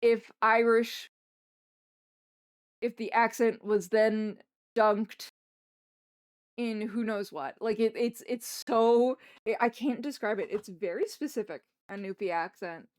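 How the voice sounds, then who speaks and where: A woman's voice: mid-range voice, measured pace, darkish tone, no room sound, clean studio sound. A young woman from Canada with a mild Canadian accent, chatting casually with her livestream viewers in a rambling, self-correcting way. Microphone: streaming microphone.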